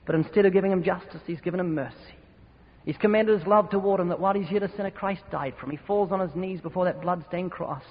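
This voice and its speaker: Emphatic preacher in an echoing hall. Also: male voice, sits high, fast. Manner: emphatic, forceful, with sudden loud swings. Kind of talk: sermon. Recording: dull reverberant hall recording.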